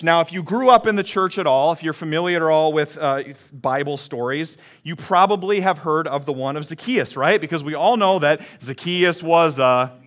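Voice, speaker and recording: Man, 30s, pastor, conversational sermon storyteller, slightly higher voice. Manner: lively, conversational, calls for congregation responses.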